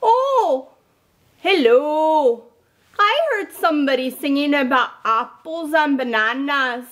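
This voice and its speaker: A woman's voice: high voice, fairly bright tone, heavily acted. A woman playing a cheerful chef in a children's puppet show, chatting and asking the viewer questions. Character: cheerful chef who loves cooking with fruit.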